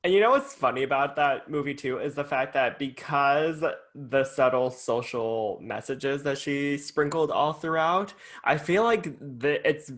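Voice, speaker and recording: A man's voice: medium pitch, unhurried, hardly any pauses, fairly bright tone. A man co-hosting a podcast in casual chat, chatty and enthusiastic, with many fillers. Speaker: podcast co-host.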